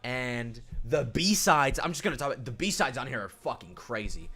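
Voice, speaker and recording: A man's voice: mid-range voice, animated, moderate pace, sharp tone. A young man casually reviewing albums, rambling with restarts and swearing as he talks into a desk microphone. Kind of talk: casual music review vlog.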